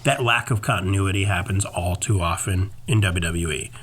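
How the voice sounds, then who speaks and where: A man with a slightly low voice co-hosts a podcast in easygoing, casual chat. He rambles through his opinions, stacking up fillers and side remarks as he goes. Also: normal speed, a bit bright, a little hiss or hum. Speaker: podcast co-host.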